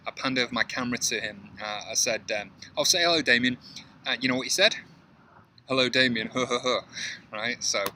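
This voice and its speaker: Bright-voiced man chatting about code. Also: mid-range voice, low-quality recording. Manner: conversational, rambling with many fillers. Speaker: programming instructor. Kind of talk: casual coding tutorial talk. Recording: faint background noise.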